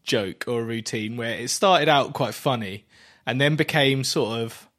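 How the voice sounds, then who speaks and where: A man in his thirties co-hosting a casual podcast, chiming in with dry jokes and quick interjections. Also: mid-range voice, fairly bright tone. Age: 30s. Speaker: podcast co-host.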